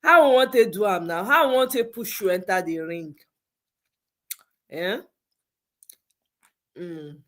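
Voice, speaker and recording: A woman's voice: mid-range voice, expressive, measured pace, long pauses, a bit bright. A Nigerian woman hosting a casual livestream chat, slipping into Pidgin and laughing as she reads viewer comments. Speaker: livestream host.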